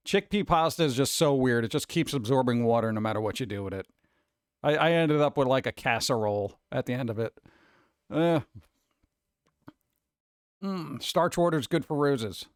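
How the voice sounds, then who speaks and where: Male stream host, casual and self-mocking chat; smooth, dry close-mic sound. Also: fairly high pitch, no echo. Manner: rambling, joking, self-deprecating. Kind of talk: casual chat reading viewer comments.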